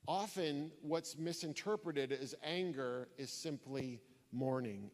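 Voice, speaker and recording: Speaking slowly at a medium pitch, a man addresses a church hall audience with an earnest, sermon-style talk, with big-room acoustics. He relies on storytelling and repeats key phrases for emphasis.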